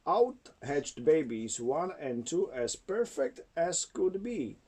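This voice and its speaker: A man's voice: fairly high pitch, big pitch swings, slow pace, a little mellow, breathy edge. A man with Czech as his first language, reading a storybook aloud to his child at home in a sing-song way.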